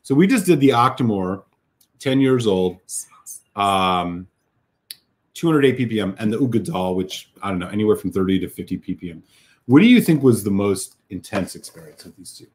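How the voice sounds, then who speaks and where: A man's voice: on the low side, lively intonation, moderate pace, a little mellow. A man hosting a casual live whisky tasting, talking enthusiastically with many fillers and restarts. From United States. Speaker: whisky reviewer host.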